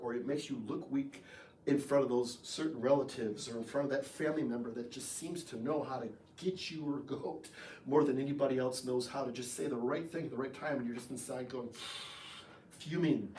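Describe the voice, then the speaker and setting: An American man preaching a sermon as pastor, in a conversational, animated way with jokes. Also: mid-range voice, a little hiss or hum. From United States. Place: church sanctuary. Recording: echoey room, voice from far off the mic.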